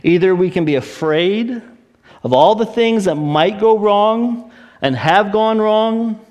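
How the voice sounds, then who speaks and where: A man preaching a sermon, retelling a story with animated, acted-out voices. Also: high voice, slow pace, dull audio. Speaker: pastor.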